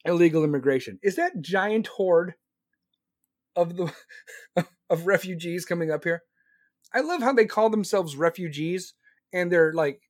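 Man, live streamer, sarcastic political rant, loud, mocking, dry close sound. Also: high voice, dry recording.

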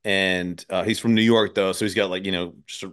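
Male podcast host, deeper voice, casual and profane, easy laugh. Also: fairly even intonation, brisk, fairly bright tone, clear, resonant tone. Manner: loose and profane, laughs often. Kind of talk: casual conversation.

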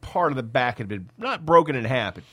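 A man co-hosting a podcast, talking in loose, profane banter full of sardonic asides. His pitch swings a lot as he talks, and the sound is close and dry with no room around it. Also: sing-song, brisk, a bit bright, husky, dry recording. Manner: swears freely, sardonic asides. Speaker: podcast co-host. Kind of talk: casual profane chat.

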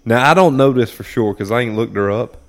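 A man's voice: mid-range voice, brisk. A man, chatting casually on a podcast, laid-back and profane, laughing often. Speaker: podcast co-host. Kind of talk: casual chat.

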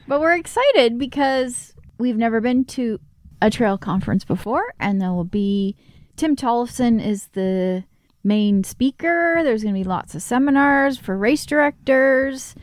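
Co-host: woman, slightly high voice, chatty and giggly, recorded dry and close. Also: expressive, unhurried, no room sound. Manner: chatty, giggly, introducing a guest. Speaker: podcast co-host. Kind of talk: casual chat.

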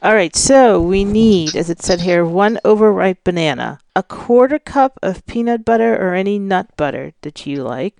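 A woman's voice: mid-range voice, lively intonation, normal speed, vocal fry, few pauses, a little mellow, no echo. A woman co-hosting a cooking show, reacting and reading recipes in a casual way.

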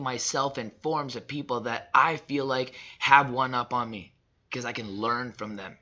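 A man in his thirties delivering a personal motivational monologue, emphatic and repetitive, swinging between loud and soft. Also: mid-range voice, steady tone, unhurried, muffled recording. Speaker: father sharing reflections.

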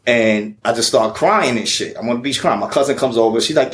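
Profane, animated New storyteller man. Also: mid-range voice, brisk, hardly any pauses, slight background noise. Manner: profane, animated storyteller, repeats "you know what I'm saying". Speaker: podcast guest. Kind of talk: casual storytelling.

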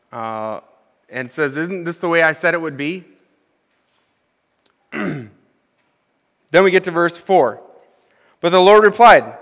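Young guy preaching a sermon, kinda high voice, reads scripture then jokes and asks the room stuff, long church echo. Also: fairly bright tone. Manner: conversational, asks the congregation questions. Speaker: associate minister. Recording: long hall reverb.

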